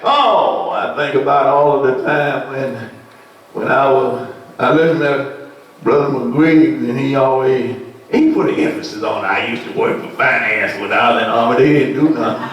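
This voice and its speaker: A man's voice: mid-range voice, moderate pace, slight background noise. Preaching man in an echoey church. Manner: preaching with rhetorical questions and sudden shouted peaks. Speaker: pastor. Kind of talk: sermon. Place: church sanctuary. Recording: echoey church sound from far off.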